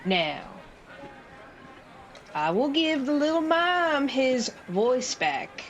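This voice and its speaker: A woman's voice: sits high, big pitch swings, extremely slow, highs cut off, soft background music, voice pushed up, heavily acted. A woman voicing a sly, doting, bird-like female fey carnival host who sweet-talks and coddles. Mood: coddling, sly.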